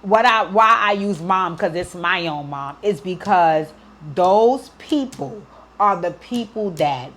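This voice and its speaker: Woman host, heartfelt advice, emotional and earnest, mid-range voice. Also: medium pitch. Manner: emotional, earnest, near tears, frequent "right?". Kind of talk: heartfelt advice talk to a listener.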